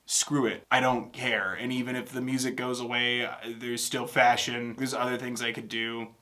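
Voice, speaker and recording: Young male reaction host, casual rambling commentary, average pitch. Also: flat delivery, moderate pace, bright, forceful tone. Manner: rambling, thinking aloud with many fillers and restarts.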